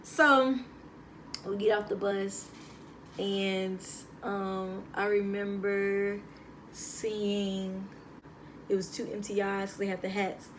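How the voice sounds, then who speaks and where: A young woman, telling a lively story to her phone camera in a casual vlog. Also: mid-range voice, slow pace, long pauses, a little hiss or hum. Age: young adult. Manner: chatty, animated, slangy. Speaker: vlogger. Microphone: phone propped on a table.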